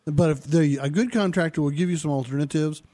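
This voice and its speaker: A man's voice: on the high side, quick pace, mellow. A man from Arizona co-hosting a radio show as a home inspector, plainly explaining technical details with dry humor. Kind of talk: casual radio talk.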